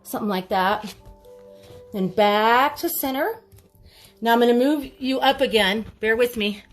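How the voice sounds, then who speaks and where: Chatty and encouraging, a female yoga teacher walks her class through each step from a home studio room. Her voice is on the high side and a little slow, the sound roomy, with soft music playing.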